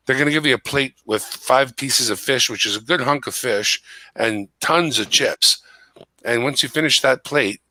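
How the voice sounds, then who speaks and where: A man's voice: mid-range voice, bright, forceful tone, dry recording. A man hosting a stream, chatting casually in a rambling, joking way and chuckling at himself. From Canada. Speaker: stream host. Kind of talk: casual chat.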